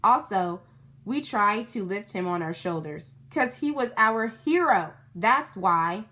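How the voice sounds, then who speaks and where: A woman's voice: medium pitch, lively intonation, slow, pushed and bright. A woman reading a children's book aloud, stopping to explain words and ask her young listeners questions. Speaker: storybook reader.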